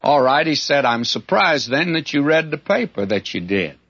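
A man teaching through a Bible passage in sermon style, folksy and emphatic, with lively storytelling asides. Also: on the high side, normal speed, husky, dull audio.

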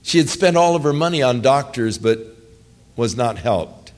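A man's voice: mid-range voice, lively intonation, normal speed. A male pastor preaching a sermon, telling stories earnestly and with emphasis.

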